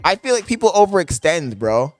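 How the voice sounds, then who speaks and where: A young man chats with his live audience, half yelling into his microphone, swearing and laughing as he goes. His voice sits a little high and sounds dry and close. Faint music plays underneath. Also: sing-song, a little fast, no echo. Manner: loud, yelling into the mic, profane, laughing. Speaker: streamer. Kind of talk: casual live-stream chat. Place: apartment. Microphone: desk microphone.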